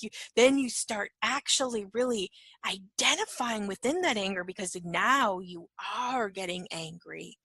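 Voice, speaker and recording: A woman's voice: mid-range voice, normal speed, husky, no echo. A woman giving an informal spoken lesson, talking conversationally, often asking "right?" and sometimes dropping to a whisper. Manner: conversational, keeps asking "right?", acts out little dialogues; drops to a soft whisper at times. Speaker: empath teacher.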